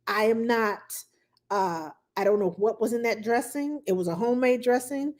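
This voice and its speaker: A woman's voice: on the high side, normal speed, a little mellow. A woman hosting a casual advice talk for parents, telling stories chattily with many fillers and asides. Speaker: childcare advice host.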